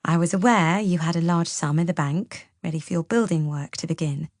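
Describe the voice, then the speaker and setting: A woman voicing a composed older mother-in-law who explains herself in a measured, earnest way. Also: lowish voice, a little mellow, dry recording, studio quality.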